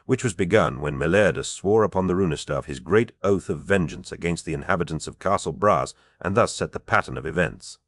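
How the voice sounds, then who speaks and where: A man with a low, deep voice narrates a fantasy audiobook at a measured, even pace. He reads steadily, with a close, dry sound and no room echo. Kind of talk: scripted narration.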